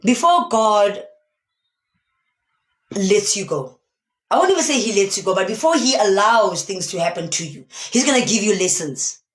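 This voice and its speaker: Preachy woman with a lively voice. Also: mid-range voice, normal speed, pauses often. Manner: emphatic, preachy, asks many rhetorical questions. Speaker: motivational speaker. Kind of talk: live-streamed motivational talk. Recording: echoey room.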